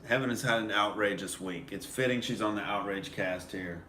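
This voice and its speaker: A man's voice: lowish voice, normal speed, pushed and bright. A man hosting a comedy podcast, joking in a casual chat and laughing often. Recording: echoey room, faint hiss.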